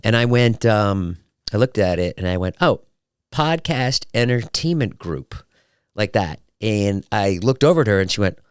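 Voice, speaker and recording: A man hosts his own podcast in a casual solo chat, telling stories animatedly and acting out quotes. His voice is lowish, clear, and resonant at a moderate pace, captured in clean studio sound without echo.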